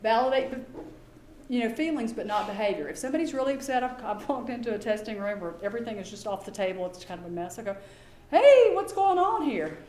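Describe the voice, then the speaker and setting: A middle-aged woman giving a lecture as a behavior specialist, lively and acting out quoted exchanges in voices. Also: medium pitch, quick pace, slight background noise. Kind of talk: conference lecture. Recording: echoey room, faint background ambience.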